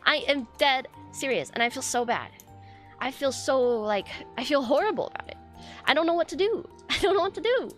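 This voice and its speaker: Woman, high voice, casual stream rant, frustrated, swearing, rambling fillers, faint music behind. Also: expressive, brisk.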